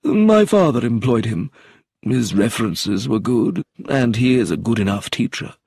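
Guarded, cold middle-aged gentleman, as a husky-voiced male narrator puts him on, slow clipped replies, lively pitch. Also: dry recording, clean studio sound, heavily acted.

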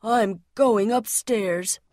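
A kind, gentle bookstore owner, read by a woman speaks softly in a slow, unhurried storybook voice. His lines are calm and a little lower. The sound is dry and close. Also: no room sound.

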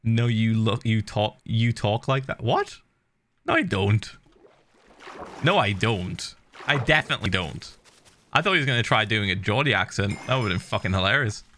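A man's voice: fairly low pitch, expressive, normal speed, bright, forceful tone, a little hiss or hum. A man in his thirties chatting casually on a livestream, swearing freely and muttering little sound effects while he builds. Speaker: streamer.

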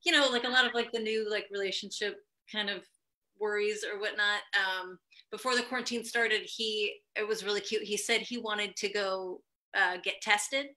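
A young adult woman telling a stand-up set over a video call, animated and profane, laughing through her stories. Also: mid-range voice, normal speed. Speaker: stand-up comedian.

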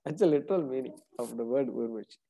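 Scripture teacher, class lecture, mellow warm voice, chants verses, frequent fillers. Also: medium pitch, quick pace, vocal fry, slightly rough, lo-fi sound.

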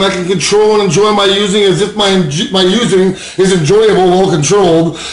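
A man speaking candidly to an audience about addiction and recovery, animated, laughing often and acting out the voices in his head. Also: high voice, roomy sound, poor audio.

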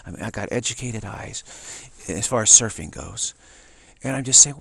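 A man with a gravelly, slightly husky voice talks on in a loose, rambling monologue, stumbling over restarts and repeated words. His pitch sits mid-range, he grows animated and excited as he talks, and the sound is dry and close. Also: normal speed, long pauses, dry recording. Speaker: talk host. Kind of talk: casual monologue.

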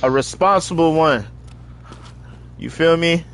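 A young man streaming a video game, chatting casually in heavy slang and telling animated stories between excited outbursts. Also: on the high side, slow pace. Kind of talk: casual stream chat while gaming.

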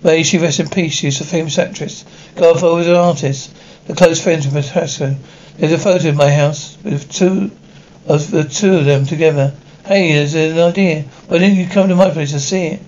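A man reading the part of a boastful young woman who spins grand tales, in a flat read-aloud delivery that stumbles over words. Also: fairly high pitch, normal speed, close to an everyday voice. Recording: dull lo-fi audio with faint hiss.

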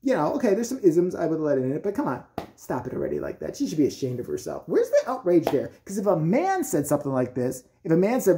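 A man's voice: high voice, big pitch swings, quick pace, mellow. A man delivering an angry, profane, sarcastic rant as a vlogger. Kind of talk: angry ranting commentary.

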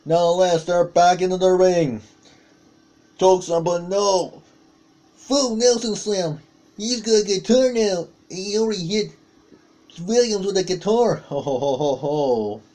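A man doing play-by-play commentary on a wrestling match, calling out moves with excited exclamations. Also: high-pitched, measured pace.

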